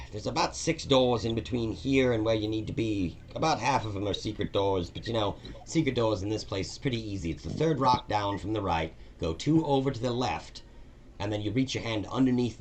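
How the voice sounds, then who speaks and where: A man's voice: lowish voice, a little hiss or hum, voice pushed up. A man voicing a nervous, newly hired male dungeon cleaner who rambles hesitantly and apologizes a lot.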